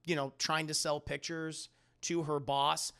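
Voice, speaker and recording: Gravelly, bright-voiced man chatting to his stream. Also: a little high, measured pace. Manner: animated retelling, acting out scenes with laughs and swearing. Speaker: streamer reviewing a film. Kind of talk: casual live-stream commentary to chat.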